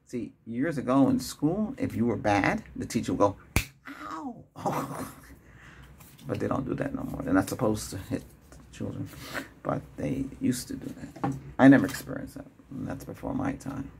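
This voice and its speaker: A man in whispered role-play as a doctor, talking in a chatty, rambling way, laughing often and moving between a whisper, a soft voice and his normal voice. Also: medium pitch, background noise.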